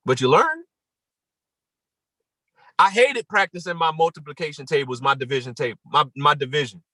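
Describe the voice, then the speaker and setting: Man, motivational talk, high bright voice, dry close sound, emphatic and repetitive. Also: animated, normal speed, no room sound, low-quality recording. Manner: emphatic and repetitive, rising to near-shouts. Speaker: motivational speaker hosting a morning call.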